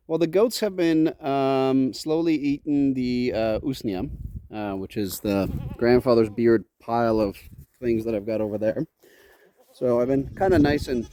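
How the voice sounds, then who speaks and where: A man with a mellow, mid-range voice vlogs outdoors on his farm beside a goat pen. In casual talk to the camera and animals, he playfully scolds his goats in a teasing sing-song, with faint wind and goat bleats behind him.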